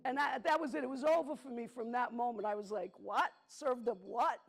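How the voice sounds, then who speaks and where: Speaking directly to a live theatre audience, a solo storyteller, middle-aged and Bronx-born, keeps things conversational and slows her delivery when she wants something to land. Her voice is slightly high with a creaky quality.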